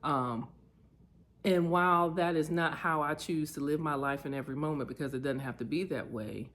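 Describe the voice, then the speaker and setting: A woman sharing personal memories in a reflective vlog, candid and heartfelt, getting lively as she tells stories. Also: low voice, moderate pace. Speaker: vlogger.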